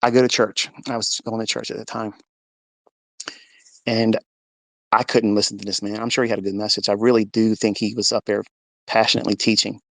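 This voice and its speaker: A man's voice: fairly low pitch, level tone, a little fast, creaky, pauses often, a bit bright, dry recording. A man telling an emotional personal testimony in an earnest storytelling way, acting out the dialogue. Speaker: speaker sharing a testimony.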